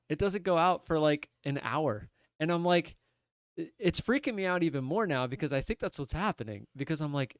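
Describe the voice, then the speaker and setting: A young man telling a rambling, animated story on his trading livestream from his desk at home. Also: a little high, no room sound, studio quality. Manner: animated, rambling, many restarts and "I'm like". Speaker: livestream day trader. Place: home room at a computer desk.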